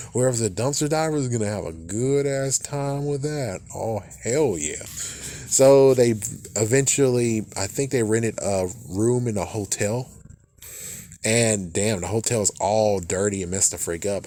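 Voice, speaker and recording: A man's voice: on the low side, darkish tone. Rambling, swearing young man recapping a movie. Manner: rambling, swears freely, with frequent restarts and "it's like". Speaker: movie reviewer.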